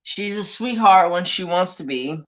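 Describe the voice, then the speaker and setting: A man's voice: sits high, expressive, a little slow, a bit bright. A man hosting a craft livestream, chatting casually and bluntly, swearing freely. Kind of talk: casual live-stream chat. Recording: dull lo-fi stream audio.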